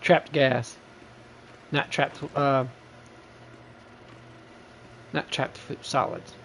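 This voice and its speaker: A man's voice: mid-range voice, fairly even intonation, drawn-out words, vocal fry, a bit bright, slight background noise. A man streaming a game live, chatting and joking at his own expense. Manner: chatty, self-deprecating, laughs often.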